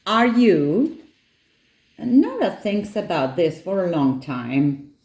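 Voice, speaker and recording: Slow, expressive woman reading a children's book. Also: lowish voice, roomy sound. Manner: expressive, unhurried. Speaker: storyteller. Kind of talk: children's book read-aloud.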